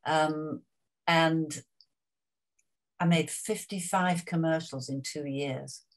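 Low-voiced older woman telling anecdotes. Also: steady tone, takes it slowly. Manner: chatty, anecdotal, lots of asides. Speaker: actress interviewee. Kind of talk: reflective career interview.

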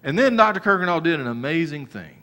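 A middle-aged man preaching a sermon as pastor, telling a story with sudden loud rises and soft, low passages. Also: big pitch swings, quick pace.

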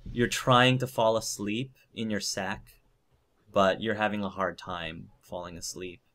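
A man's voice: lowish voice, fairly even intonation, a little slow, a bit bright. A man narrating a tabletop game as game master, hesitant, with many fillers.

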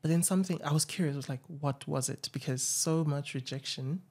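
A young man, hosting an interview in a hesitant, reflective way, with frequent pauses and fillers. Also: a little high, a little mellow, breathy edge. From South Africa. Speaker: podcast host. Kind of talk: casual interview chat.

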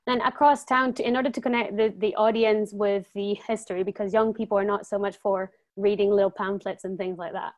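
A woman's voice: medium pitch, little pitch movement, a little fast, hardly any pauses. Earnest woman presenting on a call. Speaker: student presenter. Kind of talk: presenting a campaign pitch. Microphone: video call.

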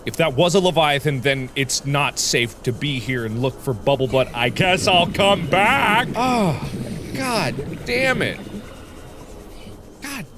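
Animated man yelping through gameplay commentary. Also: mid-range voice, moderate pace, few pauses, noisy background. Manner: jokey, swears a lot, yelps in surprise, chats to game creatures. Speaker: let's play host.

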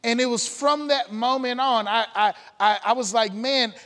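A man's voice: extremely high pitch, normal speed, pushed and bright, in a large hall. A man preaching a testimony sermon, telling his story earnestly with frequent filler sounds. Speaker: pastor. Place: church sanctuary.

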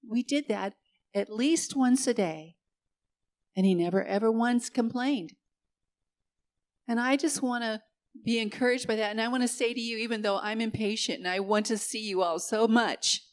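An older woman pastor giving a heartfelt sermon, repeating phrases for emphasis. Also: mid-range voice.

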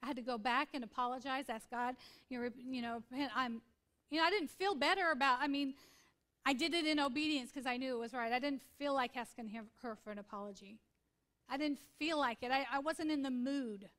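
Woman pastor giving a sermon, high voice, chatty and earnest, says things twice. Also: fairly quick, fairly bright tone. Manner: conversational, earnest, repeats for emphasis.

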